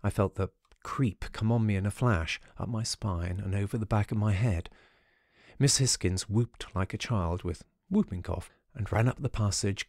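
A man narrating a first-person ghost story audiobook in a measured storytelling manner. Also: fairly low pitch, darkish tone, dry recording, clean studio sound.

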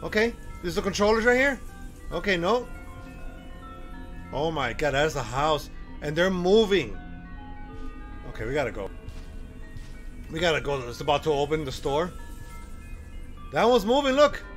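A man hosting a horror game playthrough, reacting excitably and talking to himself as he plays. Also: fairly high pitch, normal speed, long pauses, faint music behind. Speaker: gaming channel host.

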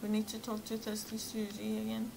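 A woman's voice: on the high side, monotone, brisk, creaky, noisy background. A woman commenting casually while playing a video game, muttering, laughing and swearing in asides. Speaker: gamer. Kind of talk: casual let's-play commentary.

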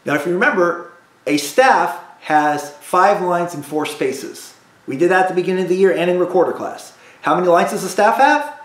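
A music teacher drilling students through call-and-response practice, patient and repetitive. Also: male voice, high voice, lively intonation, moderate pace, echoey room. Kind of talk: recorded music lesson for students.

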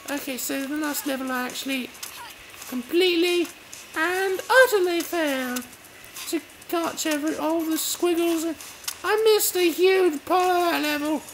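A woman's voice: very high-pitched, a little slow. A woman giving casual let's play commentary, musing aloud and chatting to herself as she plays. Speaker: gameplay video host. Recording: noisy home recording.

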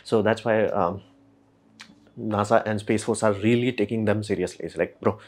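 A man, casually explaining rocket industry news as a channel host and acting out quick imagined exchanges. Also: fairly low pitch, steady tone, darkish tone. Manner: rapid, filler-heavy, acts out imagined dialogue.

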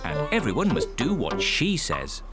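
A man's voice: medium pitch, huge pitch swings, measured pace, loud music behind the voice. A man narrating a children's cartoon in a dry, matter-of-fact way. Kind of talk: scripted narration.

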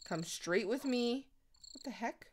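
A woman hosting a let's-play, chatting casually through her game and talking sweetly to her in-game pets, with sudden excited shrieks. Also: a little high, unhurried, slight background noise. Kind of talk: casual gameplay commentary.

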